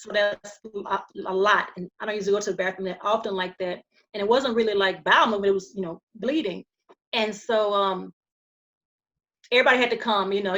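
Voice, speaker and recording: A woman speaks as a podcast guest, recounting her own story in a calm, earnest voice of middle pitch. She often stops, restarts and fills pauses as she goes. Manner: halting, frequent restarts and fillers. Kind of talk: personal storytelling.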